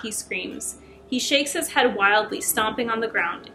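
Bright-voiced woman reading scary stories. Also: a little high, unhurried, slight background noise. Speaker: YouTube storyteller.

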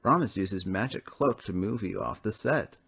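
A man's voice: lowish voice, normal speed, vocal fry, fairly bright tone, breathy edge, exaggerated voice. A man voicing a friendly film director in a toy train story, kind and matter-of-fact. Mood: kindly.

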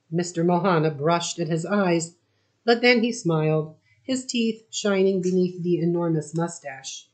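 A woman reading a novel aloud as an audiobook narrator, measured and steady. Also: on the low side. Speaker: audiobook reader. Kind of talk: scripted narration.

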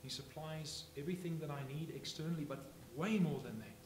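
Pastor guy preaching, goes from quiet to loud, fairly high voice, echoey church w faint hum. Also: a little fast. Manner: swings from hushed to loud emphatic. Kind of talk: sermon. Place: church sanctuary.

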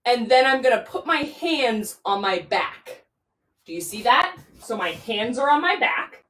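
A woman's voice: fairly high pitch, lively intonation, unhurried, fairly bright tone. A woman guiding a children's yoga class, playful and sing-song, talking straight to the kids. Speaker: kids' yoga teacher. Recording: roomy echo, mic far off.

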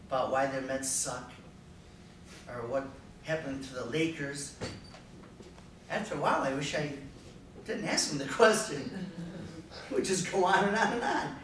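A man giving a jokey talk on sales to a live audience, lively and slipping into silly voices. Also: fairly high pitch. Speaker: sales speaker. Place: room with an audience. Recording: echoey room from a distance, faint noise.

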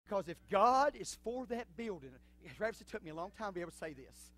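A male pastor preaching a sermon in a church, swinging from low, quiet talk to fervent shouting. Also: lively intonation, fast talker, few pauses, no echo. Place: church sanctuary.

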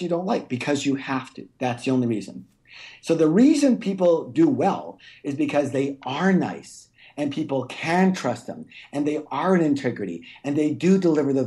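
Emphatic man with a dark, mellow voice. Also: on the high side. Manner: emphatic, teacherly, addresses listeners directly. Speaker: guest author. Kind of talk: podcast interview.

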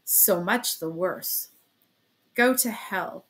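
Woman reading an ill, furious young man in an audiobook; sharp and cutting. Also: fairly low pitch, very slow. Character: feverish young man, sick in bed and furious.

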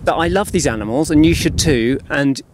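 A man, an artist, speaking slowly and heartfelt to schoolchildren from an outdoor animal enclosure. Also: a little high, very noisy. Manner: slow, hushed and heartfelt. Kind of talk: earnest outdoor video address.

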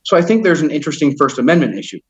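A man's voice: on the high side, big pitch swings, very fast, lo-fi sound. A man as an interview guest, telling his story in a heated, rambling way, swearing often and stumbling over fillers. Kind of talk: casual storytelling.

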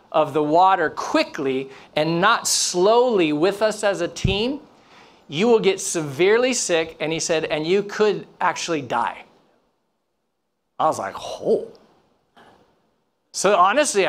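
A man preaching a sermon, telling a story with animation, acting out the people in it and dropping to a hush at times. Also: high voice. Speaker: pastor. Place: church.

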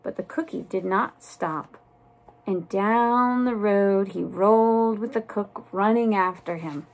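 A woman reading a children's storybook aloud in a soft, deliberate narrating voice. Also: medium pitch. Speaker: storybook reader.

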